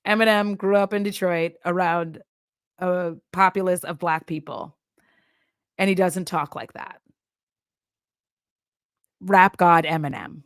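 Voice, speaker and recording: A woman's voice: on the low side, fairly even intonation, a little slow, long pauses, clear, resonant tone, no room sound, studio quality. A woman from Texas, giving casual, rambling commentary full of laughs and side notes. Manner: chatty, laughs often, tangents and asides. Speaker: commentary YouTuber.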